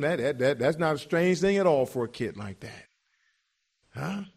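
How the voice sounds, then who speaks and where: A man's voice: medium pitch, a little mellow. A middle-aged man preaching a sermon emphatically, repeating words as he builds each point.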